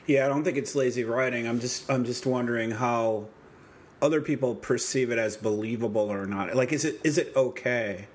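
A man's voice: mid-range voice, normal speed. A man hosting a podcast, recounting TV scenes and asking his co-host questions in a casual chat.

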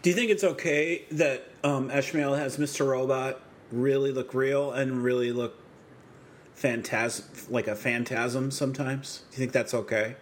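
A man's voice: mid-range voice, steady tone, measured pace, slight background noise. Conversational man hosting a podcast. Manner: conversational, recounts scenes and asks questions. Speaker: podcast host. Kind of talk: casual TV recap chat.

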